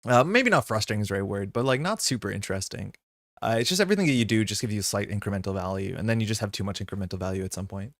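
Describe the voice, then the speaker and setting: A man's voice: lively intonation, no echo, clean studio sound. A man hosting a live card game stream, chatting casually with viewers in a rambling way, full of fillers and sudden upbeat greetings. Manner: chatty and rambling, with many fillers and quick jumps in pitch when greeting chat.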